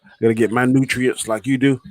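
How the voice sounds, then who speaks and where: A man hosting a livestream chat show, talking in a relaxed way to his co-host and viewers. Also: mid-range voice, fast, no echo.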